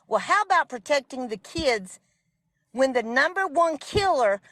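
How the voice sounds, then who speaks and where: A woman in her forties or older, appearing as a guest on a political livestream, speaks with passion and exasperation, correcting herself as she goes. Her high-pitched voice is expressive, a bit bright, and a little slow.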